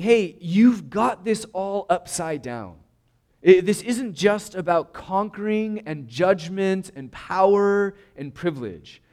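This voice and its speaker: A man's voice: high-pitched, darkish tone. A man preaching a sermon in an earnest, emphatic way, often restarting and repeating words. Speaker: pastor.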